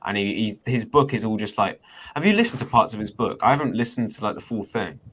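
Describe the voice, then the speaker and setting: A man in a casual podcast chat, quickly retelling gossip and mocking what others said. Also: on the low side, expressive, background noise.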